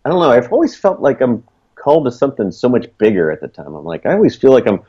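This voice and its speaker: A man with a lowish voice tells his story in a loose, earnest ramble, leaning on fillers as he goes. The recording sounds dull and lo-fi. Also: mellow. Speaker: guest, small business owner. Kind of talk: casual storytelling.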